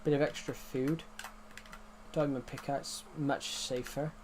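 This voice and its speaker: A man's voice: medium pitch, steady tone, takes it slowly, background noise. A young man rambling through live gaming stream commentary, talking to himself and to chat as he plays. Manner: rambling, talks to himself and chat while playing. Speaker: gaming livestreamer.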